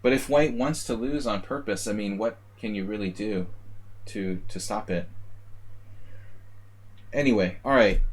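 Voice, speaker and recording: A man with a husky, lowish voice speaks unhurriedly with long pauses while streaming live chess analysis. A little tipsy from a beer, he rambles, jokes at his own expense and calls out moves in chess notation.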